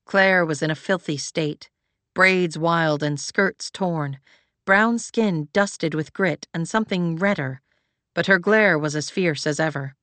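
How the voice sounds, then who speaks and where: A woman reading fantasy fiction aloud as an audiobook narrator, in an even, measured way. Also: fairly low pitch, no echo.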